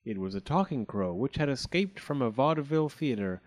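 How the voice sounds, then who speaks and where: A man narrating a storybook aloud in an expressive way, slipping into character voices. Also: mid-range voice, brisk.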